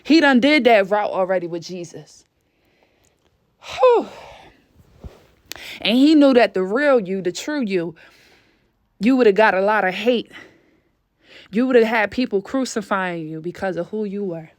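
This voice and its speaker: A woman's voice: mid-range voice, expressive, normal speed. A woman giving a fervent spiritual reading, out of breath, swearing casually and exclaiming often. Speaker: spiritual reader.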